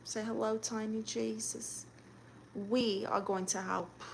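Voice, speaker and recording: A woman's voice: fairly high pitch, flat delivery, takes it slowly, gravelly, a little hiss or hum. A young adult woman hosting a livestream, reading chat messages aloud and answering with sassy, teasing comebacks.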